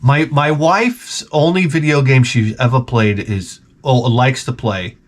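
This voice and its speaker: This video game vlogger, a middle-aged man with a typical mid-range voice, spins loose, profane, jokey stories at a slightly slow pace. He keeps breaking out in sudden, loud bursts of mock outrage as he rambles along.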